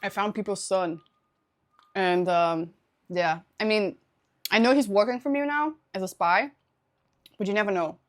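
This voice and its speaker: A woman's voice: mid-range voice, a little slow, pauses often. A young woman live streaming, chatting casually with her viewers, laughing often and thanking them for subscriptions.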